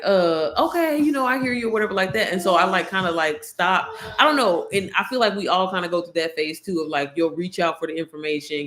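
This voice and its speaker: A woman YouTuber telling a story to her viewers, candid and slangy, swearing freely and calling them y'all. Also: lowish voice.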